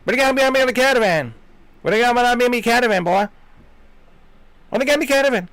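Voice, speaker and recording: A man imitating a rough caravan dweller who speaks in a rapid, slurred mumble. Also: very high voice, animated, fairly bright tone, no echo, voice pushed up. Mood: rowdy. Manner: rapid, slurred, hard to understand. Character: fast-talking rough male caravan dweller.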